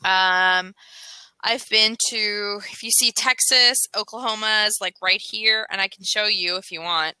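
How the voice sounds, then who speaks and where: A woman's voice: medium pitch, steady tone, measured pace, bright, forceful tone, clean tone, no room sound, rough recording. An American woman tutoring English on a video call, chatty and laughing often as she gives suggestions. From United States. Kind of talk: casual conversation lesson.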